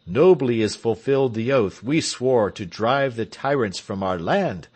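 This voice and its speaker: A man's voice: mid-range voice, expressive, measured pace, a little mellow. A man reading the part of William Tell, a resolute heroic marksman, in a stirring, declamatory way for an audiobook. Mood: solemn.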